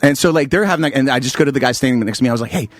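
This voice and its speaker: A man telling a story on a casual podcast, acting out quotes loudly and swearing freely. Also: mid-range voice, racing, no echo. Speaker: guest comedian.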